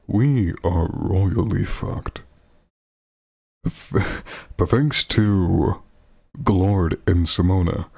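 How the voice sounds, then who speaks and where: A man's voice: low-pitched, vocal fry, husky. A man playing a tabletop game, talking bluntly through a recap of a battle. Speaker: player.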